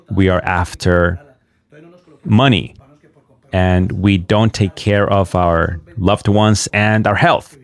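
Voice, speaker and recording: A man giving sarcastic, mocking commentary while translating and reacting to video clips. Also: low voice. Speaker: online commentator.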